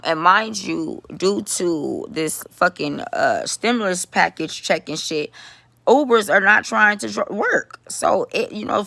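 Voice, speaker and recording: Gravelly, animated woman vlogger. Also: low voice, no echo. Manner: animated, addresses viewers as y'all, swears freely. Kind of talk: casual storytelling vlog.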